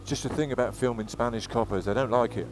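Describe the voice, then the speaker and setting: A man's voice: mid-range voice, fast. A man from England rambling chattily as he rides a motorcycle, swearing freely and drifting between topics. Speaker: motorcycle vlogger. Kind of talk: casual riding commentary. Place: outdoors on a moving motorcycle on the road. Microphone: helmet-mounted action camera. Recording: faint road and engine noise.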